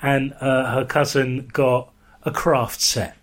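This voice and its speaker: A man's voice: medium pitch, steady tone, slow pace. A man co-hosting a podcast, chatting casually with a dry, teasing, sweary manner. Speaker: podcast co-host. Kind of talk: casual chat.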